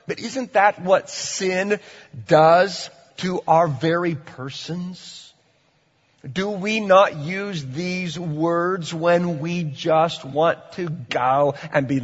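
A man preaching a sermon in a church, swinging between loud, dramatic lines and hushed, drawn-out ones. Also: on the high side, in a large hall, dull audio. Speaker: pastor. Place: church hall.

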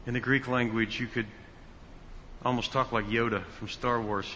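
A man preaching a sermon as pastor, slow and emphatic, building to loud stressed words. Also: mid-range voice, flat delivery, a little hiss or hum. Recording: dull sound with long hall reverb.

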